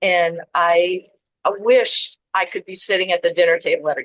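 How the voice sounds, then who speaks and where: A woman's voice: lowish voice, fairly even intonation, normal speed, a bit bright, poor audio. Earnest, reflective older-sounding woman guest. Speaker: guest author. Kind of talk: casual interview chat.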